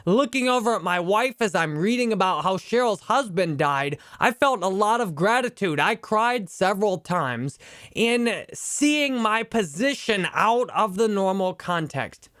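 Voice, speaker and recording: A man's voice: sits high, expressive, a little slow, fairly bright tone, no echo, studio quality. A man in his thirties, an online instructor, talking earnestly and openly about a book and his own life. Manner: earnest, personal, emotionally open. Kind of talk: reflective book review talk.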